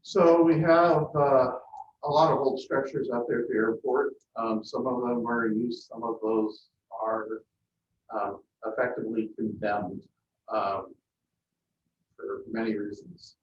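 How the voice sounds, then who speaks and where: A man's voice: mid-range voice, level tone, measured pace, slight background noise. Guy answering questions at a city meeting, lots of ums, roomy muffled sound from far off. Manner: plainspoken, hesitant with frequent ums. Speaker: airport manager. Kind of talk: meeting discussion. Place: council meeting room. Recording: echoey, distant, muffled meeting audio.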